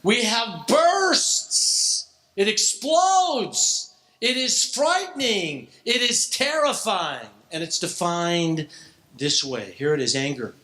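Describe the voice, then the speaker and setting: A man's voice: high voice, big pitch swings, slow pace, bright, forceful tone. An older man preaching a joking, theatrical youth sermon. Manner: joking, theatrical, exaggerated shifts in delivery. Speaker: youth speaker.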